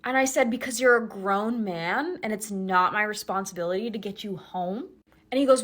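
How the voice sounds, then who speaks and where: A woman's voice: medium pitch, normal speed, a bit bright. A woman ranting in a casual vlog, blunt and sarcastic, with frequent swearing.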